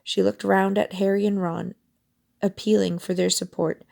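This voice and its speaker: A woman reading a novel aloud with steady storytelling. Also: mid-range voice, moderate pace, gravelly. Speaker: audiobook reader.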